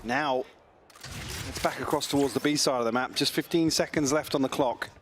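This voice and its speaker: A man giving measured analysis as co-caster on a live esports broadcast. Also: mid-range voice. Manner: measured, analytical, quick laughs. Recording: noisy live broadcast feed.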